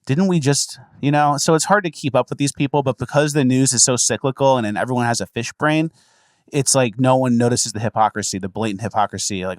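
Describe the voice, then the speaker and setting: A man's voice: mid-range voice, quick pace, dry recording, clean studio sound. A man hosting a casual podcast, commenting sarcastically and dismissively on news clips. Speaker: podcast host.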